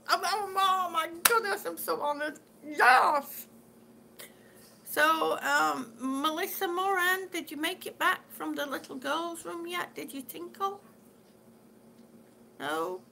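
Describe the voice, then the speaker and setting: A very high-pitched, gravelly, bright, and forceful voice belongs to a woman vlogger talking slowly, with a little hiss or hum present. She casually reads live-stream comments aloud in an affectionate, chatty manner, addressing people as sweetie.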